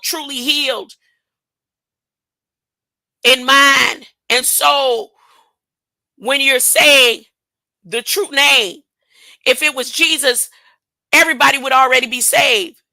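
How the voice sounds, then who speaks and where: A woman's voice: high-pitched, slow pace, long pauses, sharp tone, dry recording, rough recording. A woman preaching an informal Bible lesson, acting out characters in casual speech and often laughing. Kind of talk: informal sermon with storytelling.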